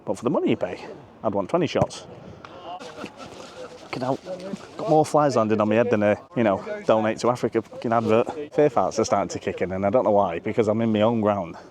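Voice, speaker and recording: A man's voice: lowish voice, fast talker, crowd noise. A man vlogging outdoors at a football stadium, joking crudely, swearing freely and out of breath. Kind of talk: casual chat to camera.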